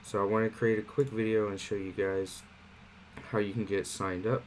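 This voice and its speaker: Man, lowish voice, relaxed tutorial host, faint air-conditioner hum in the room. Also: normal speed, poor audio. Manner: relaxed, conversational walkthrough with fillers. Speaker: online marketing platform host. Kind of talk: casual screen-share tutorial.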